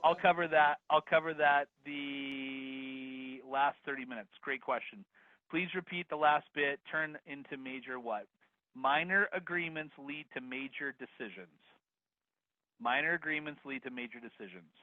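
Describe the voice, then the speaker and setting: A man teaching a live online real estate course, energetic and upbeat, talking straight to the attendees. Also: medium pitch, moderate pace, no room sound. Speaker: real estate investing instructor. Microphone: video call. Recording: dry phone-like video call audio.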